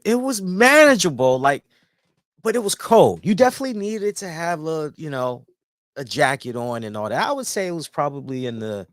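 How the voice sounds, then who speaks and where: A man's voice: a little high, dry recording, clean studio sound. A man hosting a casual review show, telling a rambling story with plenty of swearing. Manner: animated, rambling, swears freely. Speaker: host and columnist.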